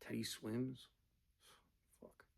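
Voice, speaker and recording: A man's voice: very slow, darkish tone. A man telling casual, profane, rambling stories, full of fillers. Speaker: storyteller. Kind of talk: casual storytelling.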